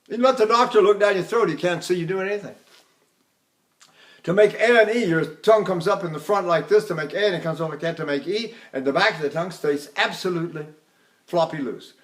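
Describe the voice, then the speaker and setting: A man's voice: high-pitched, lively intonation, a little fast, a bit bright. An older man giving a voice lesson in a rambling, conversational way, now and then singing short operatic phrases. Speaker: voice teacher. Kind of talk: recorded vocal lecture with sung demonstrations.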